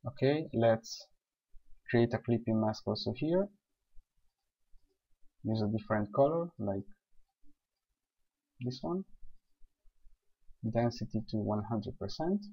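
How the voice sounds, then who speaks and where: Calm man walking through a software tutorial. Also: mid-range voice, slow pace, pauses often, breathy edge. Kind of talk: screen-recorded software tutorial. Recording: dull lo-fi voice recording.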